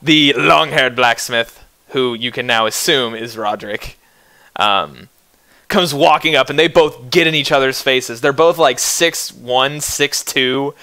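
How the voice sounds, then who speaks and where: A man's voice: mid-range voice, measured pace, pushed and bright. A young man narrating as game master in a tabletop game, laughing often as he narrates.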